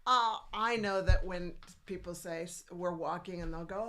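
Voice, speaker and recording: A woman's voice: lowish voice, moderate pace, pushed and bright, a little hiss or hum. A woman co-hosting a podcast, chatting casually and agreeing with her partner. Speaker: podcast co-host, physician. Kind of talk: casual chat.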